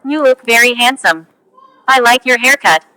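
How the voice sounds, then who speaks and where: A woman reading English example phrases one at a time for learners, slow and careful. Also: fairly high pitch, expressive, bright, forceful tone, dry recording, poor audio. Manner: slow, careful, each phrase spoken on its own. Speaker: English teacher.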